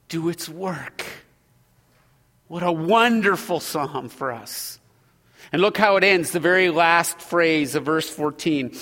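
A man preaching a sermon as pastor, earnest, moving between loud exhortation and hushed prayer. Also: on the high side, in a large hall.

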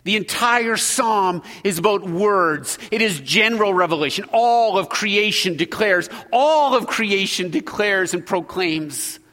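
A man preaching a sermon as pastor, earnest, moving between loud exhortation and hushed prayer. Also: high-pitched, expressive, unhurried, few pauses, big-room sound.

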